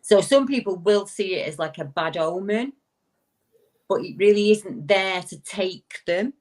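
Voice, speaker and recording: Animated woman telling a story. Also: unhurried. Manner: animated storyteller, swooping into high quoted voices, frequent restarts. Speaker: guest paranormal investigator. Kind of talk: casual storytelling on a talk show.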